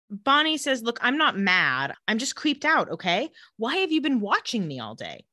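Speaking a little slowly, a female podcast co-host talks through a TV episode and voices the characters by dipping lower. Her delivery is animated, and the clean studio sound has no room noise.

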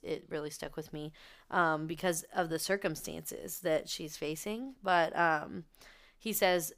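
A woman's voice: low-pitched, clear, resonant tone. A young woman co-hosting a casual book podcast, reacting with enthusiasm and laughing along with her co-host.

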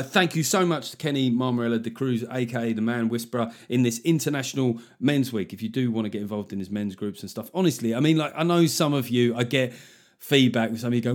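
A man's voice: mid-range voice, quick pace, faint music behind. A middle-aged man hosting a podcast, chatting casually and making puns. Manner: jokey, punning, conversational. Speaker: podcast host. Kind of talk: casual comedic chat.

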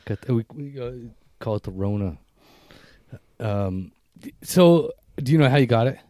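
A man in his fifties co-hosting a podcast, chatting casually in a rambling, reflective way with halting restarts. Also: medium pitch, animated, mellow, no echo. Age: 50s. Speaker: podcast co-host. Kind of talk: casual chat.

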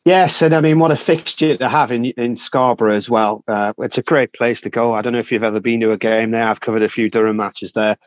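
A man's voice: medium pitch, steady tone, a little fast, hardly any pauses, no room sound, dull audio. A man with a Northern English accent, a cricket correspondent, chatting in a teasing, rambling way with fillers. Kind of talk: casual cricket chat.

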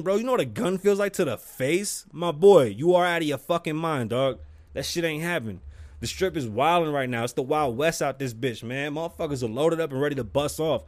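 A man's voice: on the high side, no room sound. A man hosting his own podcast, talking casually and profanely and telling stories with lots of energy. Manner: profane, animated storytelling. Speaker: podcast host.

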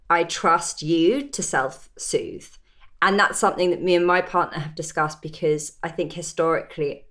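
A woman hosting a casual conversation, reflective and thinking aloud as she talks. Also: low voice.

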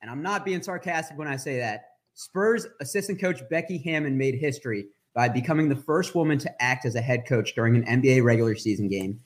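Man, podcast host, upbeat, jokey, middle pitch. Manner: upbeat, jokey, quick reads of segment intros. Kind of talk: casual podcast hosting.

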